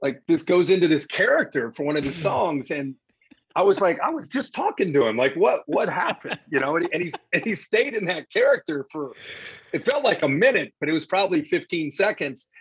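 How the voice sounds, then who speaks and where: A man telling a lively story as a guest in a casual interview, acting out the quotes he tells. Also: a little high, a little fast, slightly rough, no echo, lo-fi sound. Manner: animated anecdote-teller, acts out quotes. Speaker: sports broadcaster guest.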